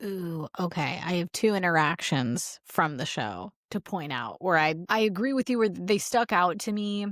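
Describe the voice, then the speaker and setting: A woman's voice: lowish voice, lively intonation, moderate pace, few pauses, no echo, clean studio sound. A woman in her thirties co-hosting a podcast, chatting casually with lots of fillers and acting out quoted dialogue. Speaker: podcast co-host. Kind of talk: casual chat.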